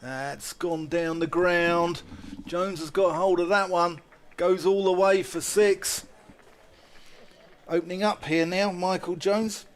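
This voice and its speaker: Slow-spoken male cricket commentator. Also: sits high, a little hiss or hum. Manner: lively play-by-play, rising with big shots. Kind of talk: live ball-by-ball commentary.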